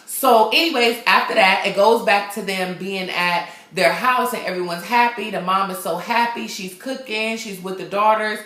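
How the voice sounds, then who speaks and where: A woman's voice: mid-range voice, moderate pace, hardly any pauses, bright, forceful tone. A woman vlogger recapping a film in casual, slangy, profane storytelling. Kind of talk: casual chat. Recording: echoey room.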